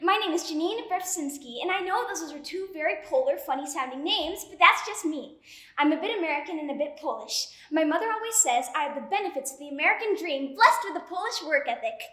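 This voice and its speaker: A woman's voice: sits high, animated, brisk, a bit bright. A young woman performing a monologue as an anxious young woman who rehearses for a college interview and scolds herself. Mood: chattering. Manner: frantic self-scolding, chattering to herself. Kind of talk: stage monologue. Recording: roomy echo.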